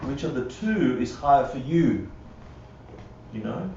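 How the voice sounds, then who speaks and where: A man leads a live Buddhist class conversationally, frequently checking in with listeners and acting out quotes. His mid-range voice is animated, gravelly and darkish, at a measured pace, with slight background noise. The livestream audio is roomy, dull and distant.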